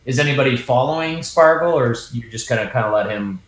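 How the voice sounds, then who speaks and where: Hesitant male dungeon master, roomy echo. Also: mid-range voice. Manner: halting, many ums and restarts. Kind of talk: narrating a tabletop game.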